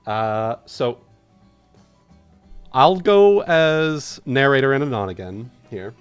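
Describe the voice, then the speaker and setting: A man's voice: medium pitch, animated, slow pace, clean tone, faint music behind. A man hosting a live story stream, chatting casually with friends in a boisterous, jokey way. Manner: boisterous, jokey, repeats lines for laughs. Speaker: stream host and narrator.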